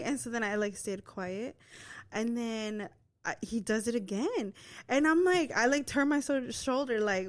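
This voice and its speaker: A woman co-hosting a podcast, telling a story in casual chat, expressive and laughing as she acts out the scene. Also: a little high, normal speed. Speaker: podcast co-host.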